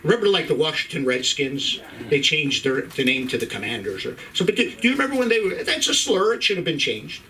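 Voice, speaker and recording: A middle-aged male comedian from Ireland, brash and profane, tripping over his own restarts as he works the crowd. His voice sits fairly high and swings widely, with a bright, sharp edge. He is picked up from a distance on a club stage, with faint room ambience behind him. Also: big pitch swings, a little fast, few pauses, a little hiss or hum. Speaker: stand-up comedian and host. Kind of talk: stand-up comedy set.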